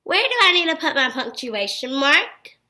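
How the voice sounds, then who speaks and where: A woman's voice: high voice, moderate pace. A woman teacher giving a phonics lesson to young children, upbeat and full of encouraging praise, reading example sentences with exaggerated expression. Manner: exaggerated expressive read-alouds.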